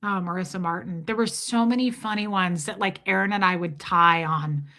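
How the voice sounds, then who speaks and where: A woman's voice: on the low side, moderate pace, pushed and bright. A woman hosting a livestream in casual chat with viewers, telling stories freely, laughing and swearing as she goes. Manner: chatty storyteller who laughs and swears freely. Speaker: livestream host.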